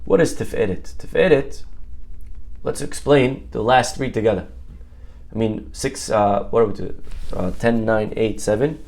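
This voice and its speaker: A man's voice: lowish voice, measured pace, gravelly, darkish tone. A man, a rabbi giving a sermon, telling stories in a conversational way with asides and questions to his audience.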